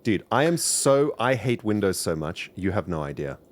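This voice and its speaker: Very animated, fed-up male streamer. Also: lowish voice, moderate pace. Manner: exasperated, venting, swings loud and quiet. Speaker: streamer, channel host. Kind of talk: casual gaming stream chat.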